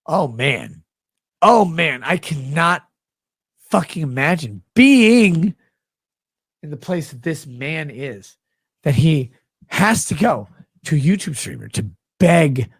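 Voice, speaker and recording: A man's voice: on the high side, lively intonation, takes it slowly, a bit bright, slightly rough, no room sound. A man ranting on his livestream, sarcastic, profane and mocking. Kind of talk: livestream rant.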